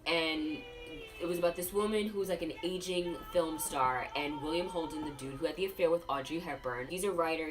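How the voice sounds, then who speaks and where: A tipsy woman hosting a casual film review, telling the story in a profane, rambling, gossipy way. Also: sits low. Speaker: host. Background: music playing.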